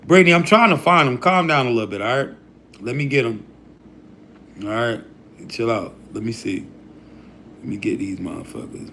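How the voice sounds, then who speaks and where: A man's voice: mid-range voice, a bit bright, a little hiss or hum. A man hosting a livestream who preaches in a casual, profane rant full of slang and hype. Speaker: livestream host.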